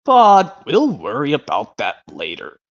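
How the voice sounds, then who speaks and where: A man voicing a gentle, motherly woman who talks softly and coaxingly to her dogs. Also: mid-range voice, huge pitch swings, measured pace. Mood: fond. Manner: soft, coaxing, affectionate. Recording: lo-fi stream audio.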